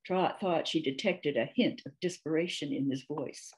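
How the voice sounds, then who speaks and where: A woman reads her own storybook aloud in a steady narrating manner. Her voice sits slightly low. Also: moderate pace. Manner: steady narrating, occasional slips. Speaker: author reading her story. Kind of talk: storybook reading.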